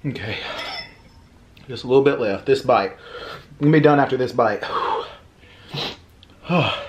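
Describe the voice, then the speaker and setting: A man's voice: medium pitch, highs cut off, a little hiss or hum. A man chatting casually to viewers in a mukbang, sighing and suffering from spicy food. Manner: chatty, drawn-out sighs, informal. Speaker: food vlogger.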